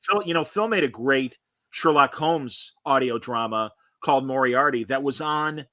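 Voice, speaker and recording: Bright-voiced opinionated male host. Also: mid-range voice, moderate pace, dry recording. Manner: opinionated and rambling, with many fillers. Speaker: podcast host. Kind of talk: casual review chat.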